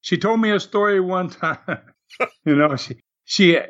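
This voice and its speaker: Older man telling lively stories. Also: sits high, a little slow, highs cut off. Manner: animated storyteller, laughs often. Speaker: former wrestler, guest. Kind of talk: storytelling interview.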